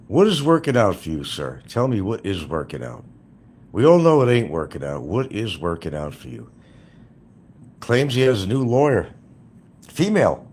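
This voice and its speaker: Brief: deep-voiced male commentator, scornful and repetitive, swooping intonation. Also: a little hiss or hum. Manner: sarcastic, hammering repetition. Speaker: YouTube commentator. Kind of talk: ranting commentary.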